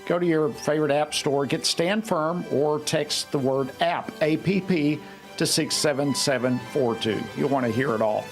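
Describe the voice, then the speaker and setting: A man's voice: a little high, moderate pace, faint music behind. A man hosting a radio talk show, wrapping up a segment and urging listeners to get an app in an upbeat, direct way. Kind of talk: show host wrap-up and promo.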